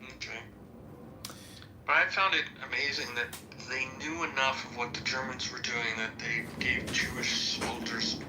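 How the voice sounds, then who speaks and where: A man speaking hesitantly and explaining things in casual podcast chat, over a noisy background. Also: medium pitch. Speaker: podcast host.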